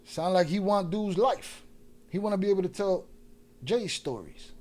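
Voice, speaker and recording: Male host, heated reaction commentary, mocking and profane, higher pitch. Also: lively intonation, moderate pace, darkish tone. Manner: profane, mocking, talks back at the clip. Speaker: podcast host reacting to clips.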